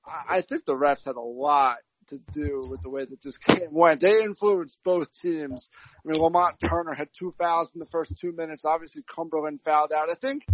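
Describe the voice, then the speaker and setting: A man's voice: a little high, poor audio. A young man co-hosting a casual sports chat, making emphatic, opinionated points backed by stats. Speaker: podcast co-host.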